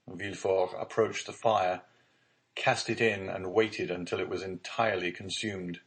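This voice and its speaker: A man narrating a classic novel as an audiobook reader, in measured, even storytelling. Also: sits low, poor audio. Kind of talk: scripted narration.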